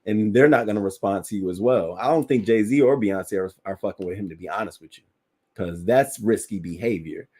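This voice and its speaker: A man's voice: lowish voice, brisk, mellow, husky. Blunt, cussing male stream host. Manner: blunt and profane, talks straight to viewers. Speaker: livestream host reading viewer chat. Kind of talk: casual celebrity news commentary.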